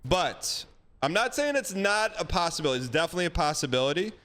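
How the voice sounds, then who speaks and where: Blunt guy on a stream handing out dating advice, kinda high voice, acts out lines. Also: very animated, quick pace, fairly bright tone. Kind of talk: casual advice chat.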